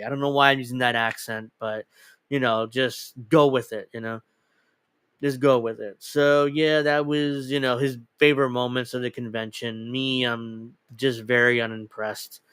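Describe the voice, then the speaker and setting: A man's voice: mid-range voice, level tone, normal speed, a bit bright, clean tone, no echo. A man hosting a casual political commentary show, talking bluntly and dismissively and swearing freely. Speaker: host.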